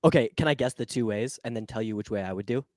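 A man's voice: medium pitch, fast talker, darkish tone, no echo, studio quality. A man co-hosting a casual podcast chat, playful and rambling, laughing often. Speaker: podcast co-host.

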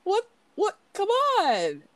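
A woman's voice: huge pitch swings, extremely slow, heavily acted. A woman imitating a whiny middle-aged man who begs someone to stop. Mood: whiny pleading. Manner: whining, pleading, high-pitched.

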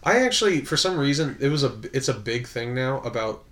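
Podcast dude, bouncy voice that jumps all over, jokey and laughing a lot, casual banter. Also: male voice, medium pitch, a little fast. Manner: animated, laughs often, playful teasing. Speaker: podcast co-host. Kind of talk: casual chat.

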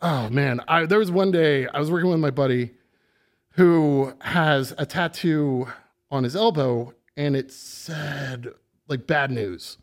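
A middle-aged man, a podcast guest, casually telling an animated story and swearing freely. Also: fairly high pitch, slow. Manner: animated, swears freely, acts out voices in quotes.

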